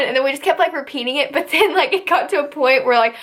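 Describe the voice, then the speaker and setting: Chatty young woman, high voice. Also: brisk, a bit bright. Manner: chatty, rambling, heavy use of "like". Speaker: vlogger recounting basic training. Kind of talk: casual storytelling vlog.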